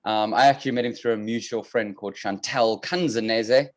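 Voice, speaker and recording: A man's voice: on the low side, fairly even intonation, a little fast. A man with a South African accent, a podcast guest chatting casually over a video call with dry, joking humor. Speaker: podcast guest, fitness coach.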